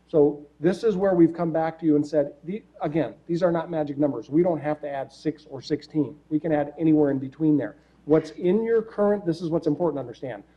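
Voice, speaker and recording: A man on city staff explaining budget options to a council in a public meeting, walking through the figures and pausing on fillers. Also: fairly high pitch, slightly rough. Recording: dull lo-fi meeting audio.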